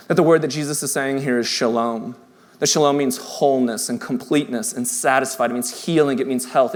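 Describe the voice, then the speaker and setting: A man in his thirties preaching a sermon in a church, earnest and conversational, rising to emphatic points and dropping to quiet, tender passages. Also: a little high. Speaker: pastor. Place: church sanctuary.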